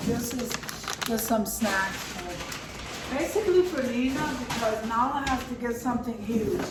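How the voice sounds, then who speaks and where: A woman's voice: a little high, unhurried. A middle-aged woman chatting casually through a grocery haul at home, sometimes talking with her mouth full. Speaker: vlogger showing a grocery haul. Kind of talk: casual haul vlog chat. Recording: echoey room, mic far off, clear background noise.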